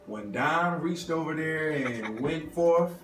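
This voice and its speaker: An interviewer asking a reality show guest questions in a casual street chat, lively and quick to laugh. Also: medium pitch. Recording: echoey, distant mic with street noise.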